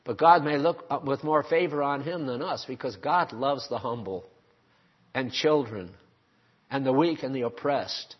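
A man's voice: medium pitch, slightly rough. An older man preaching a sermon, emphatic and full of rhetorical questions put to his congregation. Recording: dull lo-fi sermon recording.

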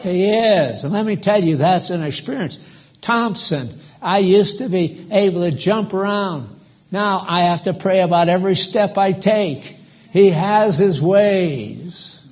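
Older male preacher, high voice, unhurried, emphatic, rambling. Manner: emphatic, rambling, quizzes the congregation. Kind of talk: live sermon.

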